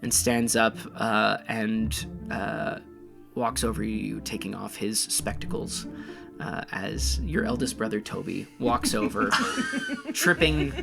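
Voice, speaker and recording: A woman game master narrating with a very deep, gravelly voice. She rambles along, full of fillers and restarts. Music runs clearly underneath. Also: huge pitch swings, slow.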